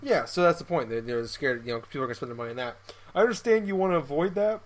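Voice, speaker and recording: A man's voice: on the high side, rapid-fire. A young man co-hosting a casual podcast, joking and ranting, often repeating his words. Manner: animated, joking, repeats himself while ranting. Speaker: podcast co-host. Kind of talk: casual chat.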